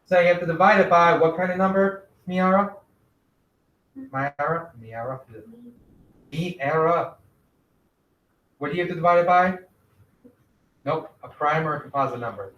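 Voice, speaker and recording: A male teacher giving a classroom math lesson, gently directing students and quizzing them with questions. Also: fairly high pitch, unhurried, pauses often, lo-fi sound. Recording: echoey classroom.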